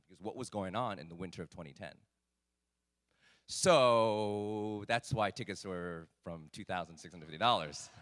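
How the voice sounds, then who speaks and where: A man telling a personal story at a live talk event, animated and self-mocking with lots of fillers. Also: low-pitched, clear, resonant tone.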